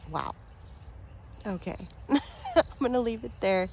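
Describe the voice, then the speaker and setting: A woman talking straight to her viewers as a spiritual vlogger, earnest and affectionate, rambling with fillers and soft laughs. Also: fairly high pitch, animated, takes it slowly, creaky, a little hiss or hum. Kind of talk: heartfelt direct-to-camera talk.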